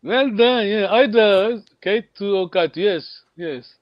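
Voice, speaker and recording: A man's voice: high voice, takes it slowly, no echo, dull audio. A man teaching a language lesson online, encouraging his students, repeating words and laughing often.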